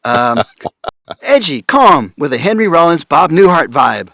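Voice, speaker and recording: A man speaking on a conference panel about voice direction, amused and animated, laughing often. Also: fairly high pitch, unhurried, no echo, studio quality. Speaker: panelist on voice acting.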